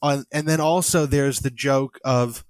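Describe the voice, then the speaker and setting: An American man co-hosting a podcast in casual chat, halting and hesitant, with many fillers. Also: mid-range voice, fairly even intonation, dry recording. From United States. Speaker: podcast co-host.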